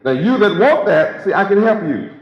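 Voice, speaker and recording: A man's voice: sits high, big pitch swings, normal speed, background noise. Emphatic preacher man in an echoey hall. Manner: emphatic, repetitive, rhetorical questioning. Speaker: preacher and teacher. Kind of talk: sermon. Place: hall with a live congregation. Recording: echoey, dull lo-fi recording with crowd.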